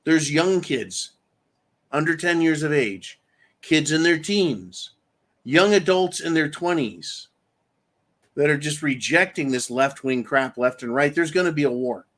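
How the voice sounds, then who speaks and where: A man's voice: a little high, expressive, unhurried, a bit bright. A man hosting a show, ranting angrily with profanity and reading out viewer comments. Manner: angry, profane, reads viewer comments aloud. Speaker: host.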